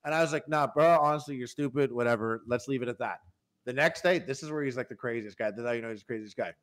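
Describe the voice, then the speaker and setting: A man's voice: mid-range voice, fast. A man telling a story in casual podcast chat, acting out the people in it. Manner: animated anecdote-telling, acts out quotes. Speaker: podcast guest.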